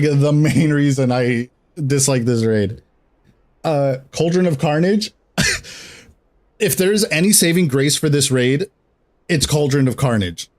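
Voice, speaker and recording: A young man streaming and chatting casually about games, rambling, swearing a lot and laughing often. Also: medium pitch. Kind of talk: casual chat while gaming.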